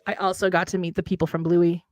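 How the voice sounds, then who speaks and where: A woman's voice: on the low side, flat delivery, fast talker, darkish tone, dry recording. A woman co-hosting a casual livestream chat, rambling and breaking off to talk to her pet. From United States. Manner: rambling, talks to her pet mid-sentence. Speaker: co-host. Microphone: condenser mic.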